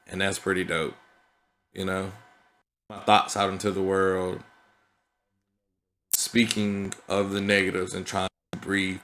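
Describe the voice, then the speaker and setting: A man's voice: lowish voice, fairly bright tone. A man talking through his thoughts in a casual, reflective vlog, earnest and conversational, often checking in with "you know what I mean". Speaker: vlogger.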